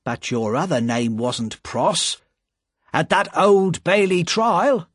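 A man's voice: on the high side, very animated, slow, fairly bright tone, husky, dry recording, studio quality, voice pushed up, exaggerated voice. Man doing a blunt, suspicious working man. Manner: pointed, questioning, emphatic.

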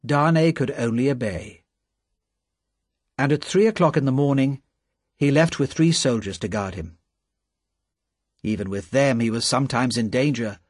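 A man narrating a story in a calm, measured reading voice with a husky tone. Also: mid-range voice, no room sound, studio quality.

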